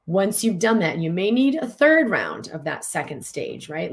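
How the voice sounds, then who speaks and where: A middle-aged woman coaching tapping in a live online session, talking in an animated, emphatic and chatty way. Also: lowish voice, a little slow, creaky. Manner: animated, emphatic, conversational with fillers.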